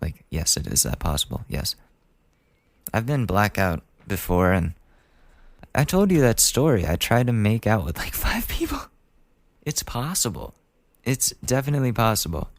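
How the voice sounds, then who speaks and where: A young man in his twenties talks through listener letters on his podcast, joking and chatty. His voice sits on the low side, and the recording is dry and close with no room sound. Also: sing-song, moderate pace, no echo. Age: 20s. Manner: chatty and joking, laughs at his own lines. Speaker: podcast host. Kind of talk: casual advice podcast, reading listener letters aloud.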